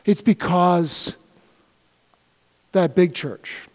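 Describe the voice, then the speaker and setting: A middle-aged man preaching a sermon as pastor of his church, swinging from loud shouted appeals down to soft, quiet prayer. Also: high-pitched, extremely slow. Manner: builds to loud shouted pleas, then drops to soft prayer. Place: church sanctuary. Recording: long hall reverb.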